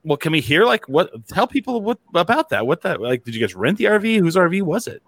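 A man's voice: sits high, sing-song, quick pace. A man hosting a casual talk show, rambling with many "like"s and restarts. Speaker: host. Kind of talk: casual chat.

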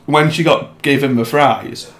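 A man's voice: mid-range voice, unhurried, vocal fry. Guy telling a rant story on a podcast, does the voices, swears, echoey room. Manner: animated storyteller, acts out quotes, swears. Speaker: podcast co-host. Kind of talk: casual chat.

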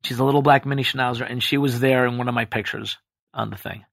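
A man chatting as a podcast guest, animated and jokey, slipping into quick impressions. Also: medium pitch, gravelly, no room sound. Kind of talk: casual podcast chat.

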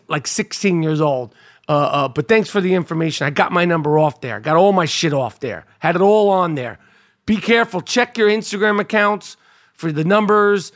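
A man with a high-pitched voice talks through a casual solo monologue as a podcast host. He rambles and swears freely. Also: a bit bright. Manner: profane, rambling storyteller. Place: New York.

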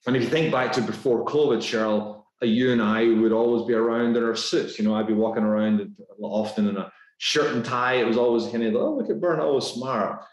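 A man with a Scottish accent, a guest talking in a casual podcast interview, brisk and upbeat with lots of fillers. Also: on the low side, steady tone. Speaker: guest executive. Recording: roomy echo.

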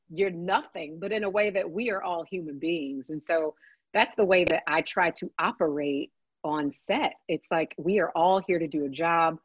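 A woman telling a lively story in casual chat, swearing freely and adding chatty asides. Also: lowish voice, no echo, highs cut off. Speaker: podcast guest, works on a TV set.

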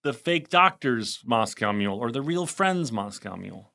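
An American man hosting a podcast, chatting with a guest in a jokey, apologetic way with quick laughs and some swearing. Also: mid-range voice, animated, creaky, sharp tone. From United States. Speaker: podcast host. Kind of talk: casual chat. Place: hot room at home.

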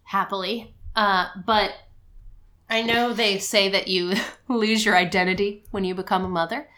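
A woman in her thirties chatting casually as a podcast co-host, animated, slipping into a squeaky toddler voice when quoting. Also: measured pace. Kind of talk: casual chat.

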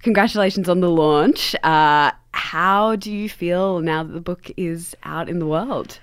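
A woman hosting an interview in a studio, warm and smiling, laughing easily. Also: on the low side, measured pace, clean tone, dry recording. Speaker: host. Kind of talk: interview host. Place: radio studio. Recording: dry studio sound.

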